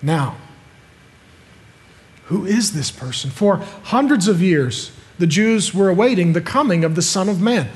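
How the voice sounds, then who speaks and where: A man's voice: high-pitched, expressive, unhurried. A man preaching a sermon as a pastor, emphatic and repeating his points with rhetorical questions.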